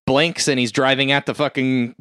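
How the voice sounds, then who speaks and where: Young guy, casual recap, profane and animated, squeaks up high for quotes, dry close sound. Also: normal speed, clean tone, dry recording. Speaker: podcast co-host retelling a film. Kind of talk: casual chat.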